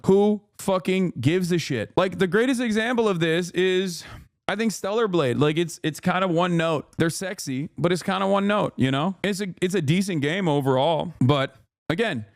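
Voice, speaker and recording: Animated, profane man ranting on stream. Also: high voice, normal speed, no room sound, studio quality. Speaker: streamer host. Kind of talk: casual commentary rant.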